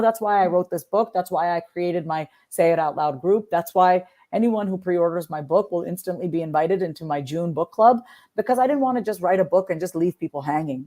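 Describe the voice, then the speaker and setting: A woman from Long Island, New York, talking as a guest in a casual interview and acting out sample tones of voice as she explains. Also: on the low side. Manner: expressive, acts out sample voices in different tones. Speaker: author and guest.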